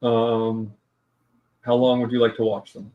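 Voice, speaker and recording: A man narrating a tabletop game as dungeon master, halting and full of pauses. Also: medium pitch, little pitch movement, narrow, tinny audio.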